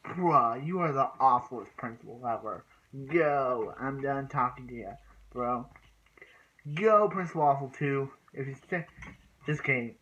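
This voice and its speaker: A man's voice: mid-range voice, fairly bright tone, dull audio. A man casually recapping and reviewing a TV episode, rambling with many restarts and fillers and bursts of exasperation.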